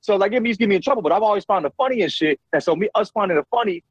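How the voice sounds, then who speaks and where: A man speaking a bit higher than most men, rambling through stories with plenty of swearing and "you know what I'm saying." The sound is dry and close, with no room around him. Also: lively intonation, racing, slightly rough, no echo, highs cut off. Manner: loose, profane storytelling with many fillers. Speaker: podcast guest. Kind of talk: casual chat.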